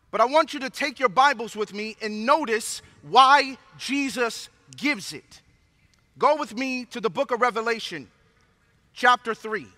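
Guy preaching a sermon, really high bright voice, big echoey church hall. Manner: solemn low prayer, then animated storytelling preaching. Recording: long hall reverb.

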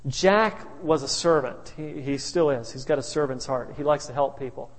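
A male pastor with a mid-range voice speaks at normal speed, telling humorous anecdotes in a sermon with chuckling asides. The hall is reverberant.

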